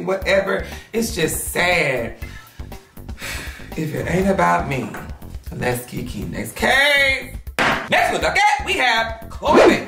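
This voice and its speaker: A woman hosting a gossip vlog, talking casually and bluntly, sassy and profane. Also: medium pitch. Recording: echoey room, off-mic, music underneath.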